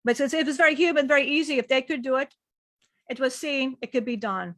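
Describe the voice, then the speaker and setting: Woman channeler, fairly high voice, speaks as a male being in slow, repeating storytelling. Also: fairly bright tone, no room sound, clean studio sound. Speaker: spiritual channeler.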